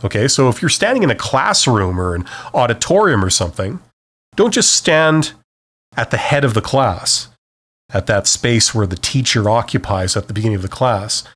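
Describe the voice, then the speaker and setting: Animated man, solo advice podcast. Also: medium pitch, moderate pace. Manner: animated, says "okay?" after most points; varies volume and speed to demonstrate. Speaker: podcast host. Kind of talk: unscripted solo advice talk.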